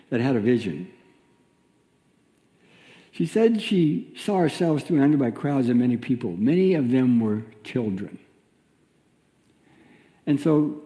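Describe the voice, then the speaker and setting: Mellow-voiced minister in a reverberant sanctuary. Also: male voice, mid-range voice. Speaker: minister giving a lesson. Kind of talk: sermon.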